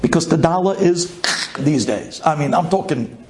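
A man from Brooklyn, telling a personal story with excitement, dropping low and then bursting into shouts. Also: moderate pace. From Brooklyn, USA. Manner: excitable, swings from hushed to shouting.

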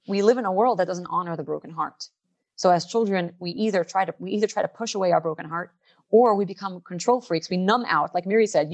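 A middle-aged woman gives a heartfelt inspirational talk. Her delivery is earnest and emotional, and she draws out her key phrases slowly for weight. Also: medium pitch. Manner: emotional, earnest, slows down for emphasis. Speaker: workshop leader.

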